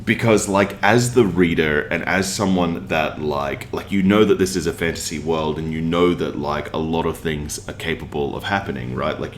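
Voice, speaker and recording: A man's voice: rumbling low, slight background noise. A man giving a casual, earnest review with lots of filler words and plain emotional investment. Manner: earnest, rambling with many fillers. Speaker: manga reviewer. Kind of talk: casual chat.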